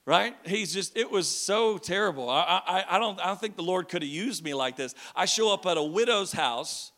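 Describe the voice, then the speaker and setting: Bright, high-voiced male preacher; animated, joking sermon delivery. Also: normal speed. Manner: lively storytelling, jokes with the congregation, shouts at times.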